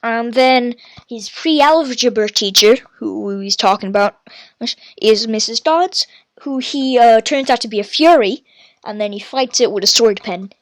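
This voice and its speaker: A woman hosting a casual podcast, reviewing a book and reading pages aloud, chatty with many fillers and quick self-corrections. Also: fairly high pitch, no room sound. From Ireland. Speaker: podcast host.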